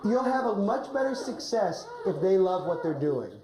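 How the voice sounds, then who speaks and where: A woman's voice: medium pitch, very animated, normal speed, reverberant, a crowd in the background, poor audio. A woman coaching a teacher through a classroom drama lesson, often ending phrases with a questioning "right?". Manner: ends phrases with a rising "right?".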